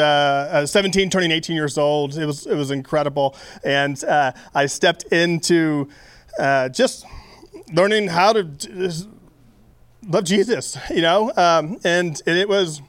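A man's voice: on the high side, fairly bright tone, dry recording. A young man giving a casual, conversational sermon, with many fillers and restarts. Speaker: preacher.

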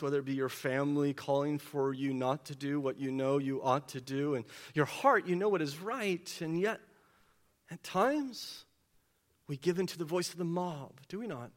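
A man preaching a sermon, asking the congregation rhetorical questions and swinging between hushed and loud delivery. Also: fairly high pitch. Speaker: pastor.

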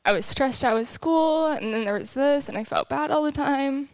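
A woman's voice: high voice, normal speed, a little mellow, no echo. A young woman giving a candid, emotional personal testimony to a church group.

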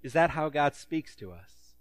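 A man's voice: on the high side, animated, measured pace, no echo. A man preaching a sermon and reading scripture, conversational with joking asides, acting out the voices he quotes. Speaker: pastor.

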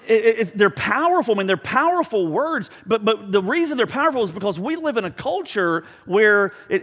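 A man's voice: high-pitched, big-room sound. A male pastor preaching a sermon in a conversational, storytelling way, acting out quotes and asking the crowd for agreement. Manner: animated storytelling, acts out quotes.

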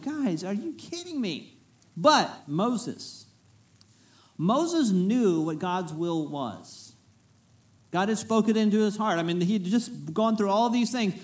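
A man preaching a conversational sermon as a pastor, retelling the story in a folksy way with humorous asides. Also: high voice.

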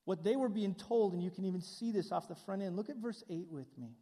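A man's voice: high-pitched, brisk, warm tone, big-room sound. A middle-aged male pastor preaching a sermon in a conversational way, with asides to the congregation.

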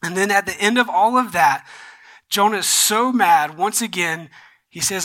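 Bright-voiced young male preacher. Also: sits high, fairly quick. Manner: storytelling, conversational with many fillers. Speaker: pastor. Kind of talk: sermon.

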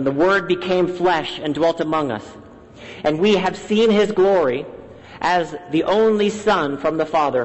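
A man with a high voice preaches to his congregation, lively and animated, sometimes slipping into the voices he quotes. His words ring out with a long reverb from the church hall around him. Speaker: pastor. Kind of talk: sermon. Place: church sanctuary.

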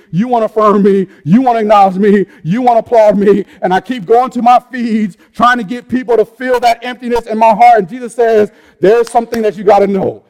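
A man preaching a sermon in a conversational way, telling stories, asking rhetorical questions, and swinging between loud emphatic peaks and quiet, low asides. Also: in a large hall. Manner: rhetorical questions and repeated phrases. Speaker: pastor.

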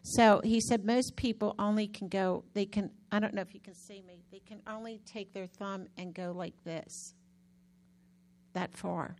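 A woman minister sharing a personal testimony in a casual, talkative way. She tells the story with lots of energy and often stops to restart her sentences. Her pitch sits in the ordinary middle range for a woman. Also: a little slow. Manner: chatty, animated storytelling with many restarts. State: recovering from a hand injury.

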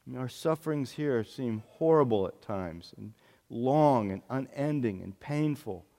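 A man's voice: mid-range voice, lively intonation, unhurried, mellow. A male pastor giving an earnest sermon, often repeating phrases for emphasis. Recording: long hall reverb.

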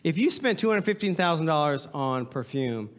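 A male pastor preaching in a church hall, his voice trailing off into a long reverb. He speaks a little high for a man and swings his pitch widely, joking and hamming up what he reads aloud. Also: big pitch swings, moderate pace. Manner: playful, joking, reads aloud with mock drama. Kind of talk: humorous sermon to a congregation. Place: church sanctuary.

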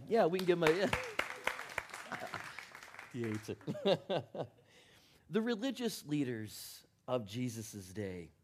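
A man preaching as a pastor, who tells jokes and leads a prayer in a lively storytelling manner. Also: a little high. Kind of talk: sermon.

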